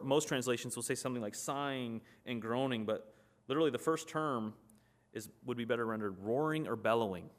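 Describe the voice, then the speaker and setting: A man's voice: mid-range voice, brisk. A man preaching a sermon in an earnest, conversational way, reading scripture aloud and explaining it.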